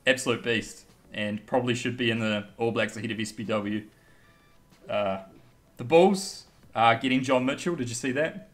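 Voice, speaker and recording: A man's voice: mid-range voice, moderate pace. Blunt young New man. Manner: blunt, swears, laughs often. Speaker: guest pundit. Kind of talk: casual rugby chat.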